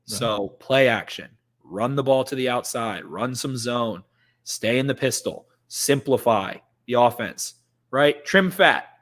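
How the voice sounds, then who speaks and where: On a sports podcast, a young man co-hosting talks in a medium-pitched, animated, slightly bright voice at a measured pace. The casual sports talk turns into an emphatic rant where he repeats points for effect.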